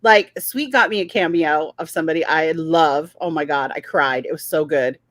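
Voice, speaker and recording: A woman hosting a podcast, gushing and excitable in casual chat. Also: sits low, normal speed, no room sound. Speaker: podcast host.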